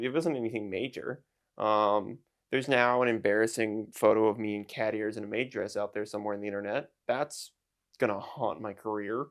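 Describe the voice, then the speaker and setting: Dude in his 20s ranting at the camera, jokey and self-mocking, all over the place. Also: lowish voice. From United States. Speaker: YouTuber and streamer. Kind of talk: casual vlog rant to camera.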